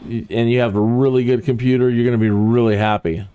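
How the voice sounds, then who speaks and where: A man casually commenting on his flight simulator game, thinking aloud with small fillers and a relaxed, unhurried way of talking. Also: mid-range voice, smooth. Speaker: flight sim streamer.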